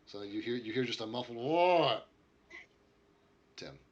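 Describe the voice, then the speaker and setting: A man's voice: fairly low pitch, little pitch movement, fast talker, fairly bright tone, lo-fi sound. A man acting as game master, explaining and narrating with many restarts. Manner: rambling, many fillers and restarts.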